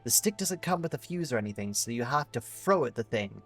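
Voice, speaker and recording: A man reading a wary village woman's quest lines aloud in his own voice, flat and slightly stumbling. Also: medium pitch, brisk, soft background music.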